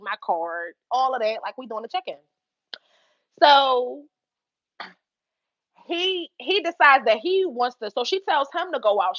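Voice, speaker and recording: Brief: young woman, high bright voice, casual storytelling, dry slightly dull sound. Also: no echo. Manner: animated, profane, laughs often, acts out quotes. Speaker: livestream host telling a story.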